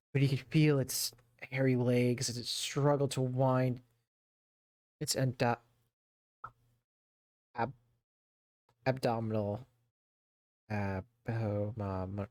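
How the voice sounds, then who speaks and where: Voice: medium pitch, fairly even intonation, slow, long pauses, darkish tone, dry recording. Streamer reading a story aloud, dry close sound. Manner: reads steadily, stumbles over words and breaks off for playful asides. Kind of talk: casual read-aloud storytelling with chatty asides. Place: home streaming setup.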